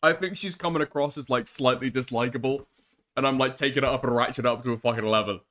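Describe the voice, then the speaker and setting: A man's voice: mid-range voice, quick pace, a bit bright. A man streaming live, reacting to a video with crude, mocking commentary and frequent laughter.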